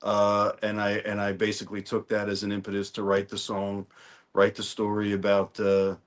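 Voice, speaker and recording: A New Orleans, Louisiana man with a fairly low pitch and moderate pace is a songwriter guest in an informal interview. Relaxed as he tells his stories, he keeps restarting and repeating words.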